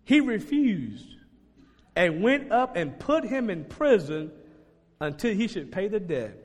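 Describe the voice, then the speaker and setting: Animated preacher man in a reverberant hall. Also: sits high, slow. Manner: animated, conversational, laughs and shouts at peaks. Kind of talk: sermon.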